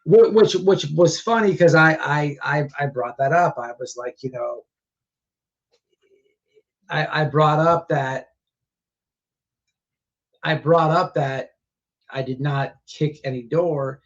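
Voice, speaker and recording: A man hosting a casual livestream chat, rambling with many restarts, his voice going hoarse. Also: fairly high pitch, takes it slowly, pauses often. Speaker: livestream host. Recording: dull lo-fi stream audio.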